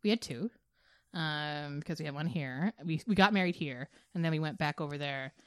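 A woman's voice: low-pitched, normal speed, smooth, dry recording. Chatty laughing woman storyteller. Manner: chatty storyteller, laughs often, acts out quotes. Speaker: podcast co-host. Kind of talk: casual chat.

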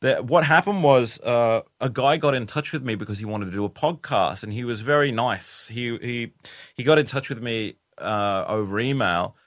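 A man talks loosely as a guest, circling back with restarts and "you know" fillers. His voice sits at an ordinary middle pitch. The recording is close and dry, with no room sound. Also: moderate pace, no room sound. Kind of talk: casual interview chat.

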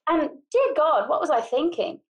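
Exasperated woman, higher voice. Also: very animated, normal speed. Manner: exasperated, laughing easily. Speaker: podcast co-host. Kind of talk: casual podcast chat.

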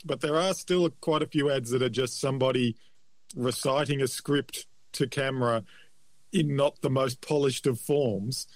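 A man chats in a relaxed way, his humour dry and self-mocking. The recording is close and dry. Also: mid-range voice, moderate pace, no room sound. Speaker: podcast co-host. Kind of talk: casual chat.

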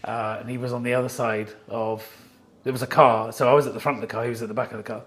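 A man's voice: mid-range voice, fast talker. A middle-aged man, a watch company founder, chatting as a podcast guest in an office and acting out the lines he quotes. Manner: animated storyteller, acts out quoted lines. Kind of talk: casual chat.

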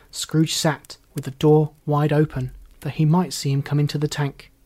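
A man reading a classic story aloud as narrator, expressive and measured. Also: fairly high pitch.

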